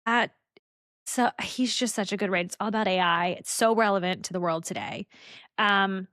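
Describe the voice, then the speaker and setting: A woman co-hosting a book podcast in casual chat, talking in a chatty, animated way full of rambling asides. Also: mid-range voice, normal speed, no echo, studio quality. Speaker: podcast co-host.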